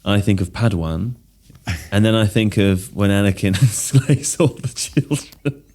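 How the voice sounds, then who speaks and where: A man with a fairly low voice hosts a casual podcast. He is playful and quick to make jokes. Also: mellow. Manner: playful, joking. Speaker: podcast host.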